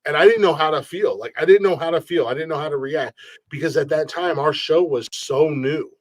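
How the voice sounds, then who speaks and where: A man's voice: fairly high pitch, a little fast, no echo. A man hosting a podcast, telling stories in a loose, profane, rambling way and repeating words as he goes. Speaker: podcast host. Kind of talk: casual storytelling chat. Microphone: streamed podcast mic.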